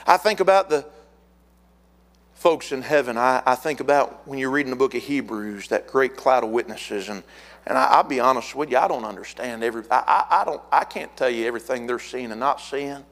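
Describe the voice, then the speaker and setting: A middle-aged man preaching a fiery sermon as pastor, building to shouted repeated words. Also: mid-range voice.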